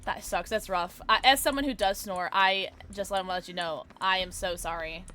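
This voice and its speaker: A woman's voice: medium pitch, normal speed, pushed and bright. A woman streaming live from home, chatting with viewers and reacting to her game in playful slang. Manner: bubbly, playful slang, talking to chat. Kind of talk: live gameplay commentary with chat.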